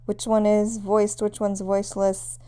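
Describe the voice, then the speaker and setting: A woman's voice: medium pitch, monotone, measured pace, mellow, smooth. A woman teaching a pronunciation lesson, patiently demonstrating sounds one at a time. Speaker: language teacher.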